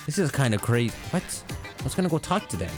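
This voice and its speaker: A man's voice: mid-range voice, sing-song, fast talker. A young man giving loose, joking let's-play commentary over game music. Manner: loose, joking, swears mildly. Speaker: gaming YouTuber.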